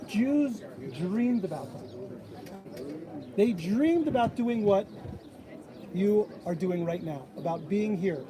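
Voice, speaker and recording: At a bat mitzvah held beside an old stone wall outdoors, a man whose voice sits high delivers a storytelling sermon slowly, pausing often. He animatedly performs the voices of those he quotes, and outdoor crowd noise is audible.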